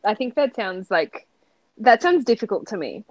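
A woman's voice: medium pitch, sing-song, normal speed, dry recording, low-quality recording. A young Australian woman co-hosting a podcast, chatting casually, laughing often and trailing off mid-thought. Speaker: podcast co-host. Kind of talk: casual chat.

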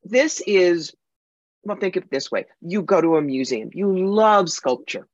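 A woman's voice: fairly low pitch, animated, measured pace, dry recording. A woman psychic medium as a podcast guest, telling anecdotes in a punchy, emphatic way. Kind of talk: podcast interview, storytelling. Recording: dull lo-fi sound.

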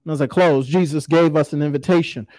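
A man's voice: on the high side, fairly even intonation, fairly quick, darkish tone, dry recording, poor audio. A man, preaching a sermon in a folksy, conversational storytelling way. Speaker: pastor.

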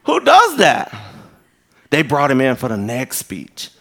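A man preaching a sermon, telling stories with shouted quotes. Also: medium pitch, slow pace, creaky. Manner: animated storytelling with shouted quotes. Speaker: pastor.

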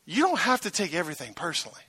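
A male pastor preaching a sermon, dramatic, swinging from loud bursts to hushed tones and asking the crowd rhetorical questions. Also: high-pitched, wildly swooping pitch, racing, slightly rough, dry recording.

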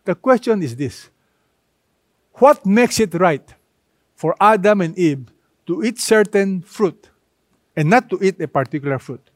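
A man preaching a sermon with emphasis, slowing down to press key words. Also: sits high, lively intonation, no room sound, clean studio sound. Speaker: pastor.

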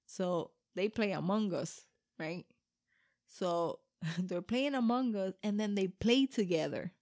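A woman in her thirties with a Puerto Rican accent, chatting casually and telling animated family stories with plenty of swearing. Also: medium pitch, takes it slowly. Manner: animated storytelling, acts out kids' voices, swears freely, mixes Spanish. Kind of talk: casual chat.

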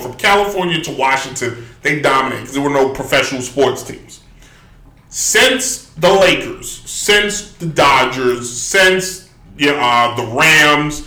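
A man ranting about college sports in a lively, bright voice that swings up and down. His talk is emphatic and full of asides. He is recorded in an echoey room. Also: on the high side. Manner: animated, emphatic, rambling with asides. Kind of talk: opinionated sports rant.

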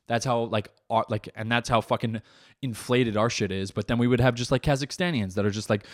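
A man's voice: mid-range voice, steady tone, fairly quick, dry recording, studio quality. A young adult man hosting a podcast, riffing in a casual comedic monologue, rambling and swearing a lot.

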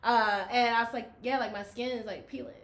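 A woman's voice: fairly high pitch, a little fast, roomy sound. A woman co-hosting a podcast, telling stories and acting out the voices of others. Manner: animated storyteller who acts out quoted voices. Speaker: podcast co-host. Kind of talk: casual chat.

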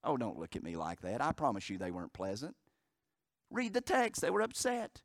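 A middle-aged man preaching a fervent sermon in church, dropping to a hush and rising to a roar. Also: sing-song, brisk, dry recording, studio quality. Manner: fervent preaching that swings from hushed to booming. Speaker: pastor. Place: church sanctuary.

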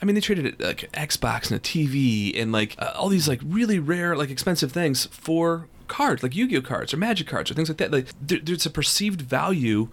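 Casting: male podcast co-host, joker, very lively pitch. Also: moderate pace, hardly any pauses. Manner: joking, laughs often. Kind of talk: casual chat.

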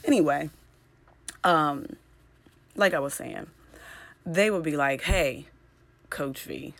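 A woman's voice: deep voice, slow pace, a bit bright, dry recording. A young woman hosting a solo podcast late at night, tired and rambling, often trailing off and restarting. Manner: tired, rambling, self-interrupting. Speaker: podcast host.

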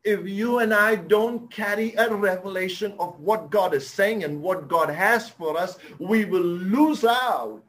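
A man's voice: sits high, a little slow, few pauses, a bit bright. A male pastor, preaching a sermon and telling humorous stories in which he acts out the characters' lines.

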